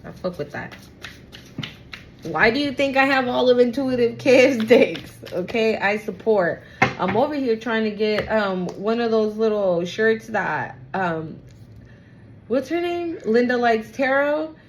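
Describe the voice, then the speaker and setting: A woman's voice: on the high side, animated, measured pace, slight background noise. Emotional young woman giving a tarot reading. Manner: emotional, exclamatory, slangy, swings to near tears. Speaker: tarot reader. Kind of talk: casual tarot reading to viewers.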